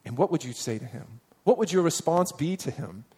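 A man's voice: a little high, expressive, a little fast, dark tone, slightly rough. A man preaching a sermon in a conversational way, putting rhetorical questions to his listeners and reading scripture aloud with emphasis.

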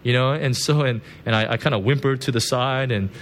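A man's voice: mid-range voice, fairly quick, a bit bright, slight background noise. A man preaching a conversational sermon as a pastor. He tells stories, laughs at his own jokes and keeps checking in with "right?" and "you know". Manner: chatty, constant "right?" and "you know" asides.

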